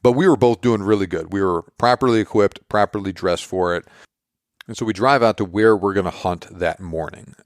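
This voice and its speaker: A man's voice: low voice, a little fast, no room sound, studio quality. A man hosting a podcast, casually recapping a story and acting out quoted dialogue. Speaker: podcast host.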